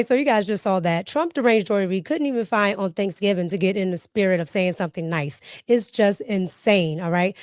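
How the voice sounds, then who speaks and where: A woman's voice: mid-range voice, a little mellow, no room sound. Emphatic woman host, dry sound. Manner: emphatic, repeats herself for stress. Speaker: commentary show host. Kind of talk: casual reaction commentary.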